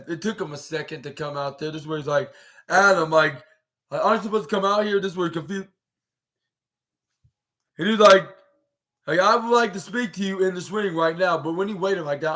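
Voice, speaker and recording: A man's voice: a little high, a bit bright. A man hosting a podcast, talking through a recap in loose casual chat with lots of filler words and paraphrased quotes. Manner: rambling, heavy use of filler words, retells scenes in paraphrased quotes. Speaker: podcast host.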